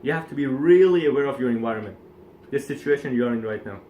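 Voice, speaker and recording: A man co-hosting a coaching talk, calmly summarizing and explaining points in casual instructional speech. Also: medium pitch, fast, slight background noise. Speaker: co-host coach. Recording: echoey room.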